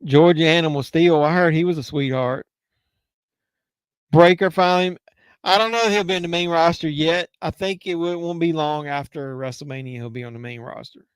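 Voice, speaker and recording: A man hosts a live wrestling watch-along in a casual, excitable, heckling way, with a voice that is wearing down. His voice sits fairly high and comes across smooth and clear. The sound is dry and close. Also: dry recording. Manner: excitable, blunt and heckling, with quick asides and swearing. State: losing his voice. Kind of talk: casual live reaction commentary.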